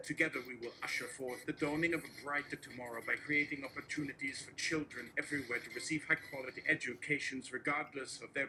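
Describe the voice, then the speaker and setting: A man reading a satirical political speech aloud in a deadpan way, listing names and policies one after another. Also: medium pitch, noisy background. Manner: steady listing delivery. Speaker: host reading a mock speech.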